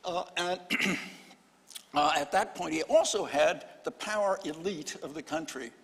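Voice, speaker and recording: An older historian on a panel speaks slightly high for a man, telling a story in stop-start phrases with dry humor. The live hall gives his voice a long, trailing reverb. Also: a bit bright. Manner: halting, many restarts, wry storytelling. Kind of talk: panel discussion.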